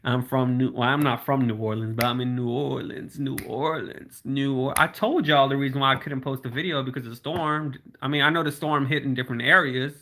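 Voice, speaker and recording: Bright-voiced man chatting on a livestream. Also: medium pitch, fairly even intonation. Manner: chatty, reads out viewer comments and answers them; slows down to spell out links. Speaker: livestream host. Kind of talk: casual livestream chat with viewers.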